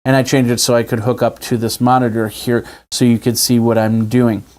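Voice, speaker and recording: A man's voice: mid-range voice, flat delivery, a little fast, darkish tone. Chatty man demoing a tablet. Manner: chatty, demonstrating on screen as he talks. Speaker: tech video host. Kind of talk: casual tech walkthrough. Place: indoors at a desk with a TV and monitor.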